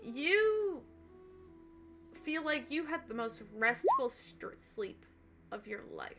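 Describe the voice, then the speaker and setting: A woman's voice: sits high, big pitch swings, slow pace, music in the background. A woman game master narrating a tabletop game in a loose, casual way, full of fillers.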